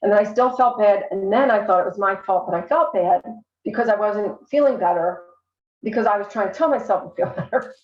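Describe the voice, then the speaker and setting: A woman's voice: medium pitch, brisk, highs cut off. Earnest woman in an echoey room. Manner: earnest, candid, fillers like "you know". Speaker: guest, coach for abuse survivors. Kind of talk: casual podcast conversation.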